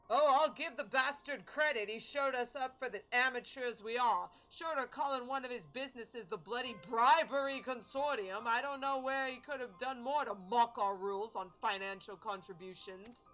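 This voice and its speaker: A gruff, vengeful sea captain growls in a put-on Cockney accent, played by a woman reading game lines aloud. His talk is rough and slangy, with plenty of swearing, carried in a bright, forceful tone. Faint music plays under it. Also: fairly high pitch, low-quality recording. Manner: rough working-class swearing, slangy grammar. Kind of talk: voicing game dialogue aloud.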